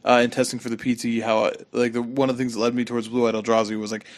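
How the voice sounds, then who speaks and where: Guy cohost rambling about decks, voice going a bit hoarse, mid pitch. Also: little pitch movement, rapid-fire. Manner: rambling, lots of fillers. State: losing his voice slightly. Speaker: podcast co-host. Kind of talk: casual gaming chat.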